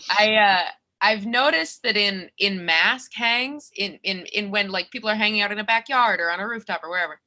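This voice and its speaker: Bright-voiced woman doing Zoom stand-up. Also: medium pitch. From Minnesota, USA. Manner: animated, self-mocking, with quick restarts. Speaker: comedian. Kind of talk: stand-up comedy set. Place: her bedroom. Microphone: video call.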